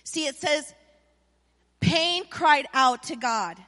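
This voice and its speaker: Woman, middle-aged, pastor, sermon, high voice, call-and-response delivery, church hall echo. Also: slow. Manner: animated preaching with call-and-response. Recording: long reverb of a church hall.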